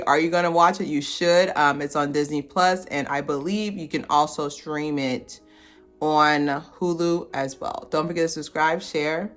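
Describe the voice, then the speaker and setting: A woman giving a casual movie review vlog, animated and slangy, laughing as she talks. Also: lowish voice.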